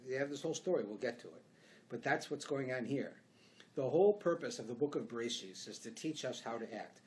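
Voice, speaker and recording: A man with a Canadian accent, a rabbi giving a conversational Torah class in a synagogue, telling stories and acting out bits of dialogue as he goes. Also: medium pitch. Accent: Canadian English. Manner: conversational, animated storytelling with acted-out dialogue.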